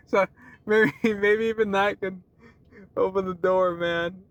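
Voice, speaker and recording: A man's voice: high voice, level tone, very slow, long pauses, fairly bright tone, dry recording. A young man rambling in a casual vlog, laughing often, swearing freely and restarting his sentences. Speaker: vlogger.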